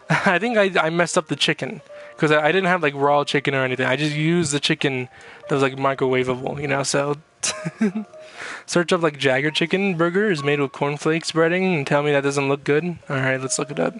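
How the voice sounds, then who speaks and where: A man's voice: on the high side, normal speed, fairly bright tone. A young man vlogging in a casual, rambling way, swearing often and laughing at himself as he reads chat. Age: young adult. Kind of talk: casual chat reacting to chat messages.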